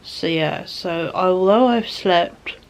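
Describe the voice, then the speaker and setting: A tired woman vlogging from home in a rambling, soft way that often drops to a whisper. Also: on the low side, slow. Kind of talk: casual chat to camera.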